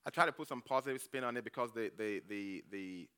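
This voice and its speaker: A man's voice: medium pitch, quick pace, pushed and bright, clean tone. A man, a church elder, preaching a conversational sermon, telling stories and often checking in with the congregation by asking "okay?". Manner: acts out his own quoted reactions.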